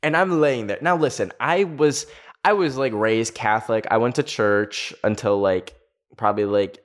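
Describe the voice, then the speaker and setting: Young male storyteller, casual and rambly, mid pitch, lots of fillers. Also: moderate pace. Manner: rambling, heavy use of filler "like". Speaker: storytelling video host.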